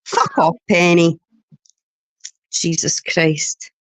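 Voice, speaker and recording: A woman's voice: fairly low pitch, very slow, dry recording. A Scottish woman on a livestream panel, talking bluntly and swearing heavily. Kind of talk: heated livestream chat.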